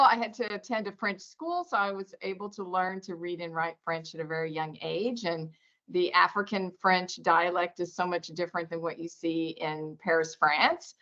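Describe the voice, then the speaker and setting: A woman with a low but bright, forceful voice speaks hesitantly over a video call, pausing on fillers. The sound is muffled and lo-fi. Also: steady tone. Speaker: workshop participant. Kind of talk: practice speech in a workshop. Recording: dull lo-fi video call audio.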